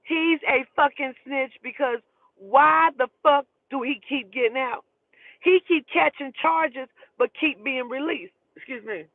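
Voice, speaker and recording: Woman telling a wild story over a tinny phone line, cussing a lot, really animated, dry sound. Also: high voice, unhurried, no echo. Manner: profane, animated and emphatic. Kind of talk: casual storytelling.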